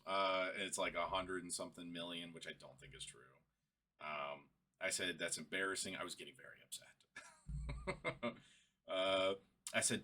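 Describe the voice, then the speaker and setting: A young male vlogger with a low, pushed and bright voice at a moderate pace rants casually in a screen recording. He recounts a frustrating chat, growing exasperated until it turns into laughing frustration.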